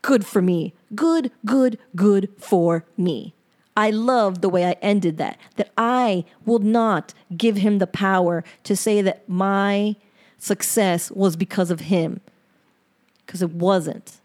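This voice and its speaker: A woman with a mid-pitched voice hosts a personal podcast. She reads her own journal entry aloud and then talks through it. Her delivery is earnest and emotional, often halting, with repeated phrases as she gathers herself. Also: a little mellow. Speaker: podcast host.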